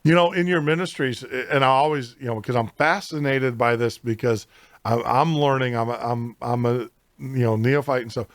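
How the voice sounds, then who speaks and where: A man's voice: mid-range voice, normal speed, no echo. Rambling man hosting an interview. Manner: rambling, thinks aloud. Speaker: podcast host. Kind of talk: casual interview chat.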